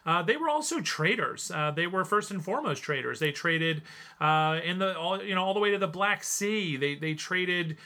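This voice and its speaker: A male podcast host talks through a review in a loose, rambling way, stopping often on fillers. His voice sits a bit high and sounds bright and forward. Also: expressive, moderate pace. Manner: chatty, rambling, many fillers. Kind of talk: casual review chat.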